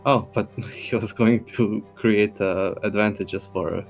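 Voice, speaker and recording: A man taking part in a tabletop role-playing game. His voice sits fairly low, and he talks casually, with hesitations and restarts. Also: steady tone, slow, creaky, faint music behind, poor audio. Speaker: player.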